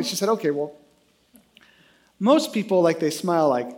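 A man in his thirties preaching a sermon, telling a self-deprecating funny story in an animated way. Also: high-pitched, normal speed, pauses often. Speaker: pastor.

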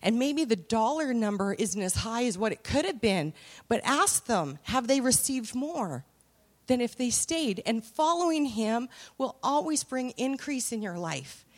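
A woman's voice: on the high side, very animated, a little slow. A woman preaching a sermon in a conversational way, mixing scripture with family anecdotes and rising to emphatic peaks.

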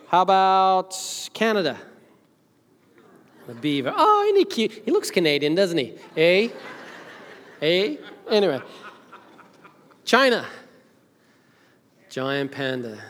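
A woman from Zimbabwe preaching a casual, chatty sermon as senior minister, with joking asides to the congregation. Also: on the low side. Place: church sanctuary. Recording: long hall reverb.

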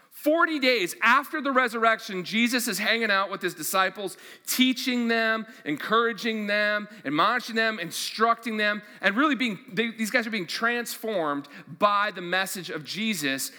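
A man pastor giving a conversational, energetic sermon, with fillers and questions repeated over and over. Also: sits high. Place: church hall. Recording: long hall reverb.

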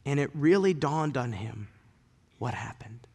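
A male pastor delivering a sermon in a dramatic way, swinging between loud declarations and hushed moments. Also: mid-range voice, expressive, a little slow, husky. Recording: long hall reverb.

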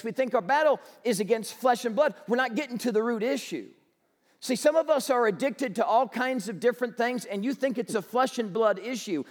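A man preaching a sermon as pastor, telling stories with animated energy and rising to shouts. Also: very high voice, long reverb tail.

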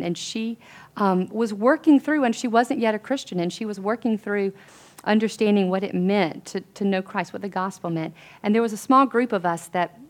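Woman, earnest, chatty sermon, middle pitch, fillers and restarts. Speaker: women's Bible study speaker. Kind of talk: conversational sermon.

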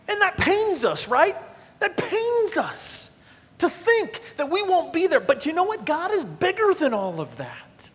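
A man's voice: extremely high pitch, huge pitch swings, a little slow, a bit bright, big-room sound. A male pastor preaching a sermon in a conversational, emphatic way, speaking straight to his congregation.

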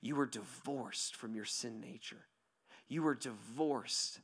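A male pastor preaching in a lively, conversational way, often checking in with "right?" and swinging from near-shouts to hushed whispers. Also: mid-range voice, takes it slowly, breathy edge. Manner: animated, conversational, asks "right?" constantly. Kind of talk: sermon.

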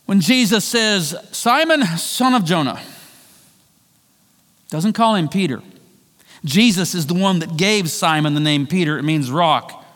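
Guy preaching, high voice, tells the story and does the voices, big hall echo. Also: normal speed. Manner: storytelling, acts out quoted voices, shifts from loud to hushed. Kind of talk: sermon. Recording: long hall reverb.

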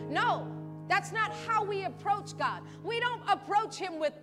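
High-voiced woman preaching over music. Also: a little slow, big-room sound. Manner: animated, acts out pleading voices, laughs often. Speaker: pastor. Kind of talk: sermon. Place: church service.

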